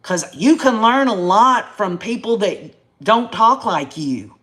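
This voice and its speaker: This YouTube live-stream host is a woman in her fifties from Tennessee, speaking with a Southern accent and folksy country turns of phrase as she rants casually to viewers. Her mid-range voice is animated and a bit bright, delivered at a slow pace.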